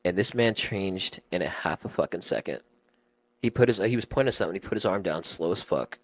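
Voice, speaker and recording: Deep-voiced young man telling wild stories. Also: fairly quick, no echo. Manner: animated, slangy, swears freely, acts out quotes. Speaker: podcast guest. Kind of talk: casual storytelling chat.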